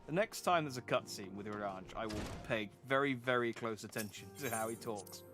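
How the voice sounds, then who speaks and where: A man's voice: mid-range voice, fairly quick, a bit bright, soft background music. A man giving playful, jokey commentary while streaming a video game. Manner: playful, jokey, self-mocking. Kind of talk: casual let's-play commentary.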